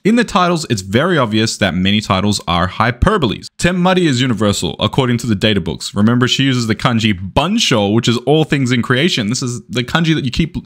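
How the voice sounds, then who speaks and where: A young man picks apart an opponent's claims in a firm, lecturing tone. His voice sits at an ordinary middle pitch and he argues each point steadily. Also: very animated, quick pace, hardly any pauses, a bit bright. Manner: argumentative, lecturing. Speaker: commentator. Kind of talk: debate rebuttal.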